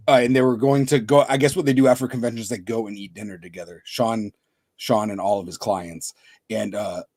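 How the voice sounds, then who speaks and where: A man co-hosting a podcast tells a story at a mid pitch, wandering through "uh"s and "like"s. His voice is dry and close to the mic, with no room sound. He speaks in an easygoing, conversational way. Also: mellow, no echo. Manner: rambling, filler-heavy storytelling. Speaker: podcast co-host. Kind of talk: casual chat.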